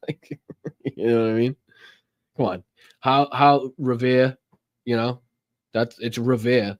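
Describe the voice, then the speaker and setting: A man's voice: medium pitch, fairly even intonation, slow, pauses often, dry recording, lo-fi sound. A man with a Boston accent hosting a live politics stream, chatting casually, swearing and laughing often as he rambles. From Massachusetts, USA.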